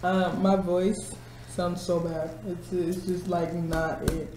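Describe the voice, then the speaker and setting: A woman's voice: on the low side, flat delivery, slow pace, background noise. A woman in her twenties from Missouri, chatting casually to camera from her office at work, laughing often and mimicking people. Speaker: vlogger. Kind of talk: casual chat. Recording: roomy office with faint ambience.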